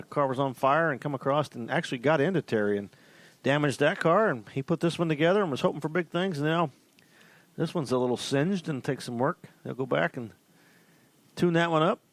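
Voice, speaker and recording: A man commentating a drag race broadcast in a relaxed, chatty, halting way. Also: on the high side, gravelly, no room sound.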